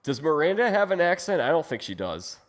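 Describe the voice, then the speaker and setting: A man's voice: on the high side, big pitch swings, brisk. A man hosting a casual video chat, playful and joking with his guests. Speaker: host.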